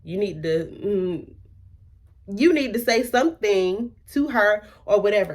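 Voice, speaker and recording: A young woman vlogger, telling a storytime in an animated way and acting out quotes in hushed asides. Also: medium pitch, a little slow. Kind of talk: storytime vlog.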